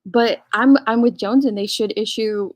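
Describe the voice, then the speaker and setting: A woman's voice: on the high side, steady tone, moderate pace, a little mellow, no echo. Chatty woman hosting a livestream. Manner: chatty, reacts with asides and laughs. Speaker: host. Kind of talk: casual livestream chat, reading a statement aloud.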